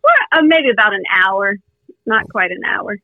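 A woman from Louisiana, a guest telling her hunting story in an earnest, animated way with lots of fillers, heard over a phone line. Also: medium pitch, normal speed, no echo. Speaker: guest hunter. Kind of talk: storytelling in a podcast interview.

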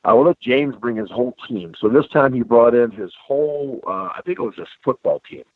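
A man's voice: medium pitch, fairly quick, no echo. A man in his sixties, a retired wrestler, telling stories casually in an interview and saying "bro" and "man" a lot. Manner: animated storyteller, says bro and man a lot. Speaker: guest, retired pro wrestler. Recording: tinny phone-like line, dry.

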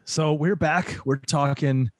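A man's voice: on the high side, steady tone, slow, no echo. Rambling male podcast host, dry sound. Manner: loose, rambling, with fillers and restarts. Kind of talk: casual wrestling podcast chat.

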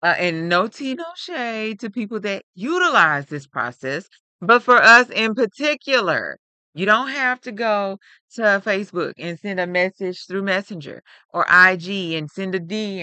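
A woman's voice: mid-range voice, sharp tone, dry recording. A woman co-hosting a podcast in casual, upbeat chat, laughing often and speaking with emphasis. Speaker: podcast co-host.

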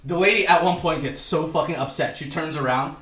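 A man co-hosting a podcast, telling stories in a casual, animated way, laughing often and swearing freely. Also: on the high side, brisk, echoey room. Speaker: podcast co-host. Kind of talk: casual storytelling chat.

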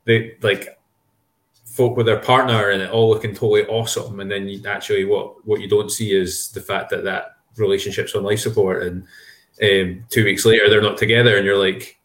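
A man hosting a podcast, talking casually in a halting way with many restarts. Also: lowish voice, level tone, a bit bright, reverberant.

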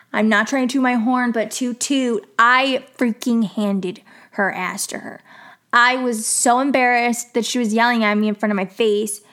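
A woman's voice: a little high, fairly bright tone. A young woman telling a story about an old job in a casual, chatty way, full of "like" and swearing. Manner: chatty, lots of "like" and "you know", swears freely. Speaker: vlogger telling a work story.

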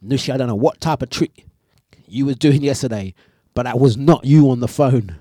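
A man hosting a breakfast radio show, telling stories in animated, slangy chat and laughing often. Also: medium pitch, moderate pace, no room sound, clean studio sound. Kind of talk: casual live radio chat.

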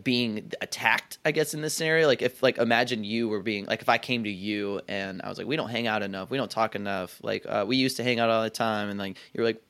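A man's voice: lowish voice, fairly bright tone. A young man in his twenties talking in a casual conversation, reflective and rambling, full of "like" and restarts.

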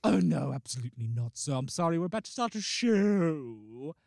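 A man's voice: on the high side, sing-song, normal speed, vocal fry, darkish tone, no echo, studio quality. A man voicing a prim, overly polite male staffer at a fancy club. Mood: snooty.

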